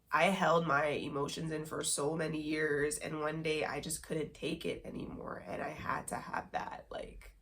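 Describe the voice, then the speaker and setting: Gravelly-voiced woman telling a story. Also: low-pitched, a bit bright. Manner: rambling, heavy filler words, nervous laughs. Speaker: podcast host. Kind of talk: candid personal storytelling.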